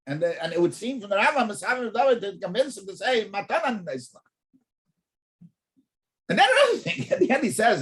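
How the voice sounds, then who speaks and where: A man teaching an in-depth Talmud class, animated, often repeating words as he thinks and asking rhetorical questions. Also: high-pitched, fast.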